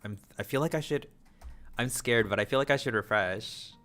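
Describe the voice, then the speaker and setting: A man streaming casually to his viewers, talking fast in rambling, run-on thoughts, sometimes stuttering, mumbling and repeating words. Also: mid-range voice, fairly bright tone, soft background music.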